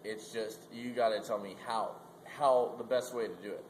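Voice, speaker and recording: A man's voice: fairly low pitch, fairly even intonation, moderate pace, slight background noise, lightly acted. A man voicing a scheming, hot-tempered male animal with a wooden leg, talking bluntly in casual slang. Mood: plotting. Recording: roomy echo.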